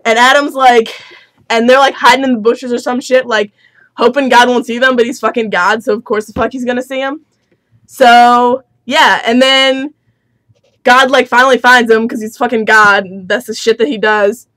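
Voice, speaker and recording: A woman's voice: on the high side, fairly even intonation, moderate pace, a bit bright, dry recording. A young adult woman telling a story in casual, slangy, profane chatter with lots of fillers. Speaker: student storyteller. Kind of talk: casual comic retelling.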